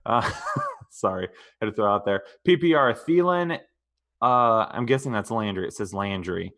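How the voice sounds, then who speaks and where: A man's voice: fairly low pitch, animated, moderate pace, a bit bright. A young man co-hosting a live fantasy football stream, joking around and reading out viewer questions. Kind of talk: casual live-stream banter and Q&A.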